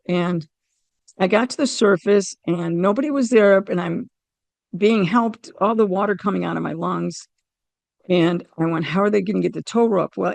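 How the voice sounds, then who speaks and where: A middle-aged woman from the United States, a podcast guest telling a personal story in an animated way and acting out her own quoted lines. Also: mid-range voice, creaky, dry recording. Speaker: interview guest.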